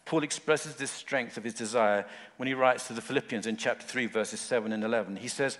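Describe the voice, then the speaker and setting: A man's voice: medium pitch, a little fast, a bit bright. A man preaching a sermon in short, earnest phrases, rising at times to fervent emphasis. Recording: long hall reverb.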